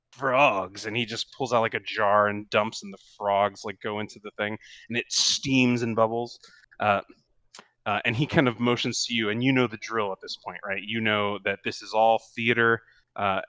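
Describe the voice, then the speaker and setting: A man narrating a tabletop game as game master, in a relaxed and rambling way with many fillers. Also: fairly low pitch, no echo.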